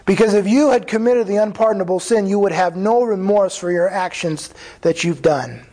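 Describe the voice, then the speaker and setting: A man with a notably high voice delivers a sermon as a pastor. He speaks earnestly and conversationally, restarting phrases and voicing the words of others as he explains scripture. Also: normal speed, warm tone, rough recording. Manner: earnest preaching with restarts and quoted dialogue.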